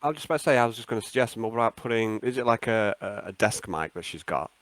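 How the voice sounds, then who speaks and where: A man playing a tabletop game online, playful and lively. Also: fairly low pitch, quick pace. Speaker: player. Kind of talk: casual chat and in-character play. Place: remote online session.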